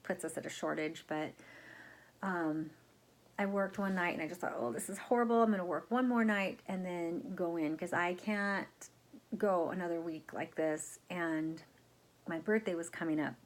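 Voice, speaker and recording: A middle-aged woman telling a long personal story to camera in a casual, rambling vlog, with many fillers and acted-out quotes. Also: medium pitch. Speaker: crafting vlogger.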